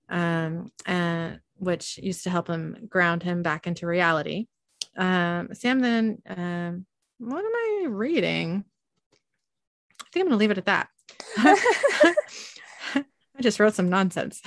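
A woman's voice: lowish voice, no room sound. A young woman hosting a podcast, casually reading an episode recap aloud with frequent ums. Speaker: podcast host.

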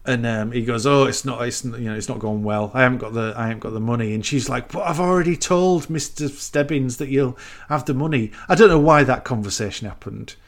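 Casual male co-host, middle pitch, loose rambling retelling with put-on character lines. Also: a little fast, few pauses. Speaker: podcast co-host. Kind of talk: casual film recap chat.

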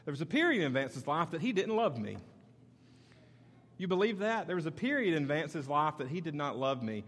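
A man's voice: a little high, expressive, normal speed, fairly bright tone, in a large hall. A male pastor preaching a sermon in a conversational, storytelling way that builds to emphatic points. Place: church sanctuary.

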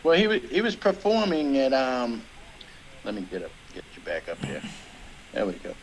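A man's voice: medium pitch, huge pitch swings, moderate pace, crowd noise, poor audio. Rambling, profane middle-aged male comic. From Boston area. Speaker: comedian guest. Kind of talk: casual podcast chat.

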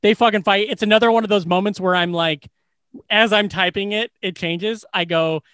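A man co-hosting a podcast, retelling a film's scenes in a casual, profane, animated way. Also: high-pitched, normal speed, clear, resonant tone, no echo, clean studio sound. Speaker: podcast co-host. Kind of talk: casual movie recap chat.

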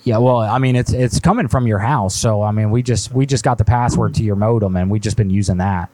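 A man's voice: lowish voice, a little fast, background noise. A man hosting a live stream and making a prank call, fake-friendly and then needling with mock offense. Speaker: prank caller, host.

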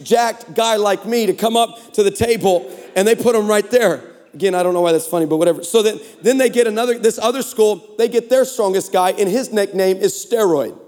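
Delivering a funny sermon, a guest preacher in his forties speaks in a lively, high-pitched voice, spinning stories full of sarcasm and playful jokes. A long echo from the big church hall surrounds every word.

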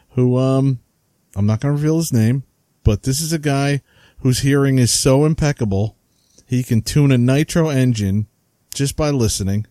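A man with a New Jersey accent chats on a podcast in a relaxed, mellow voice, reading out listener comments and laughing between them. The sound is dry and close. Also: mid-range voice, dry recording. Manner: chatty, laughs while reading names. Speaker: podcast co-host.

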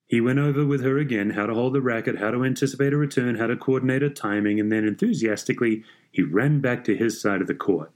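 A man with a mid-range voice reads a scripted story aloud, keeping his narration measured and even.

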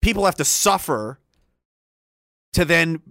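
A man's voice: fairly high pitch, expressive, slow pace, creaky, pushed and bright, no room sound, clean studio sound. Profane, rambling streamer man. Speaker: livestream host reading chat. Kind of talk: casual livestream rant.

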